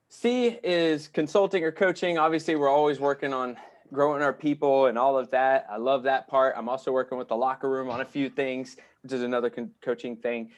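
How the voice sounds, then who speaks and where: An upbeat, self-assured man talking casually on a video call. His voice sits at an ordinary middle pitch, and his talk is sprinkled with easy filler sounds. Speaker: guest real estate coach.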